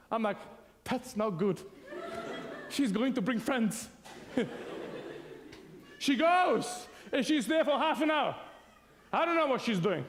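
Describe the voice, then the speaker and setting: High-voiced man telling a story. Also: in a large hall, slight background noise. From Serbia. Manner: animated storytelling, laughing often. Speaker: speaker telling his story to an audience. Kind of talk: humorous personal testimony.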